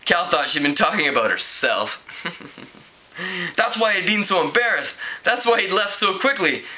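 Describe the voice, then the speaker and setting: This low-quality clip, with a little hiss or hum, has a man reading a teen novel out loud in a relaxed way, his delivery sing-song, bright and pushed at a normal pace. He trips on words and fixes them, chuckles at the plot, and lifts his pitch when doing characters.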